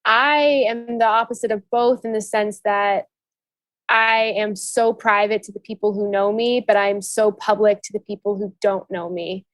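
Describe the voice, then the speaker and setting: A woman's voice: mid-range voice, fairly even intonation, no room sound. A woman co-hosting a podcast, talking candidly and personally in casual chat. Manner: candid, confiding, quick laughs. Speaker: podcast co-host, solopreneur.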